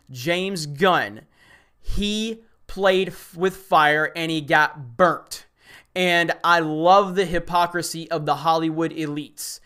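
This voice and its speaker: This is a man hosting an online commentary show, delivering a blunt, heated rant of opinionated commentary. His voice is fairly high-pitched and smooth, with a sharp tone.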